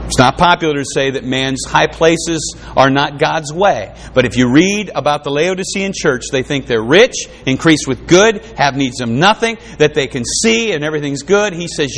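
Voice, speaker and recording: In a room with an audience, a man of medium pitch preaches a sermon, reading scripture aloud with fervent emphasis that rises and falls. A little hiss or hum sits in the recording.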